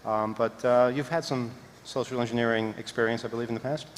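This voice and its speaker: A man's voice: medium pitch, fairly even intonation, fairly quick. A man moderating a conference panel, speaking hesitantly with fillers. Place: large conference hall with audience. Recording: reverberant hall, loud crowd and noise.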